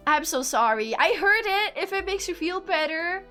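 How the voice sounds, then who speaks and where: High, lively chatty woman streamer. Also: moderate pace, faint music behind. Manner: chatty, giggly, self-deprecating. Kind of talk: casual live-stream chat.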